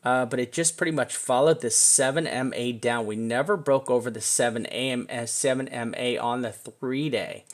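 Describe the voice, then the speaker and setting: Excitable man walking through charts. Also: mid-range voice, normal speed, few pauses. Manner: excitable, chatty, talks to the chart, drops casual swears. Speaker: crypto chart analyst. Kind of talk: casual screen-share chart walkthrough.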